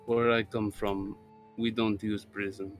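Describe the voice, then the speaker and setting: Big goliath warrior guy, short dry answers, kinda low voice, a man playing him. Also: level tone, a little slow, soft background music, lightly acted. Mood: terse. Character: towering male Goliath warrior, terse.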